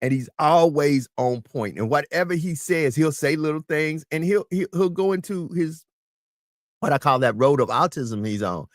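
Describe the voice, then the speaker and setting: A man's voice: a little high, normal speed, dry recording, clean studio sound. A man speaking as a talk show guest, emphatic and preachy, often repeating his words. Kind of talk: casual talk show chat.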